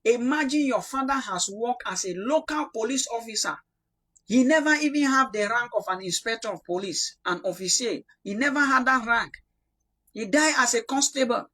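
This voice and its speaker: Cameroonian prophet guy, husky voice, fired-up preaching then soft praying. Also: very high-pitched, lively intonation, normal speed. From Northwest Cameroon. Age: young adult. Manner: impassioned, denouncing, swings between loud rebuke and quiet prayer. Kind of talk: prophetic sermon.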